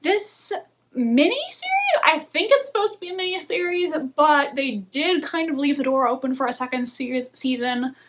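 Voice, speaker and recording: A woman's voice: high-pitched, sing-song, moderate pace. A woman chatting candidly in a casual video review of shows and films, laughing now and then. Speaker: book and film reviewer.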